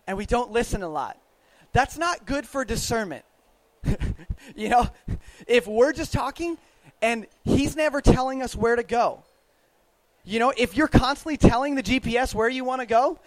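A man's voice: extremely high pitch, no echo, rough recording. A man, a youth minister, giving a casual, chatty faith talk, laughing often and putting questions to the audience.

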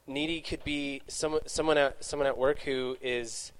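A youth speaker with a clean, mid-range voice and fairly even intonation answers questions from young adults in a relaxed way. He rambles through his own story, keeps correcting himself and tosses off quick asides.

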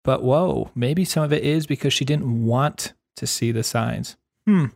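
A man co-hosting a podcast, talking in an enthusiastic, animated way. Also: mid-range voice, unhurried, creaky. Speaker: podcast co-host. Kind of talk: casual chat.

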